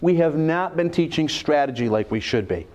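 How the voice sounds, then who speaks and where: A man's voice: fairly high pitch, moderate pace. A middle-aged man giving a business seminar lecture, telling stories and putting questions to the audience. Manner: animated, asks the audience questions, acts out quoted dialogue. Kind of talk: lecture with storytelling. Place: lecture room.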